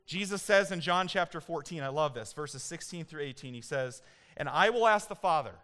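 A man in his thirties delivers a sermon with a bright, high tenor. His tone is smooth and clear, and he shifts between animated storytelling and emphatic points. He sounds like a pastor speaking to a congregation. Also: moderate pace.

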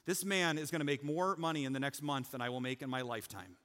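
A man preaching a sermon as pastor, talking casually with the congregation, joking and rising to loud, emphatic peaks. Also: medium pitch, fast, long reverb tail. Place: church sanctuary.

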